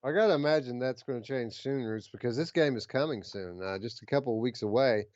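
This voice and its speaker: A man co-hosts a gaming podcast, reading news with eager enthusiasm and frequent filler words. His voice is smooth and resonant, recorded dry and close with a slightly dull, lo-fi tone. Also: medium pitch, fairly quick, darkish tone, no echo. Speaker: podcast co-host. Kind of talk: casual chat about gaming news.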